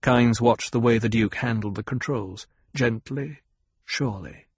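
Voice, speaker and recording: Husky male audiobook narrator. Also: mid-range voice, unhurried, no echo. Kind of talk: scripted narration.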